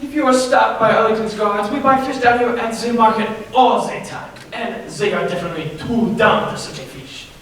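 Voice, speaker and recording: A teen actor playing a scheming chef with a fake French accent. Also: male voice, sits high, lively intonation, normal speed, fairly bright tone, a little hiss or hum. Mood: grandiose. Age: teens. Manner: theatrical, jumpy, faux-French. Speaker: student actor. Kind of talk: high school stage comedy. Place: school theater stage. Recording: echoey auditorium from far off.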